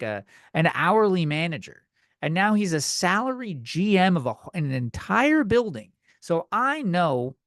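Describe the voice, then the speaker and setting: Man, comedy podcast host, exasperated profane rant, lively swinging pitch, dry close sound. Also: dry recording. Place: video podcast recording. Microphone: studio microphone.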